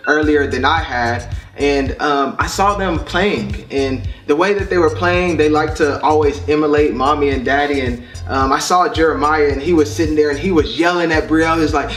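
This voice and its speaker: A man with a somewhat high voice shares heartfelt reflections as a family vlog host, speaking earnestly and gently with plenty of fillers. He sits a little back from the mic in a roomy, echoing space, and faint music plays underneath. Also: normal speed, distant mic. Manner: earnest, reflective, soft-spoken with frequent fillers.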